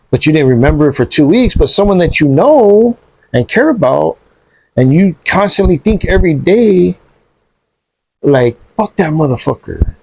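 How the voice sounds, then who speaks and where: A man chatting casually on a podcast, animated and profane, dropping bro and dude often. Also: a little high, unhurried, vocal fry, pauses often, slightly rough, no room sound.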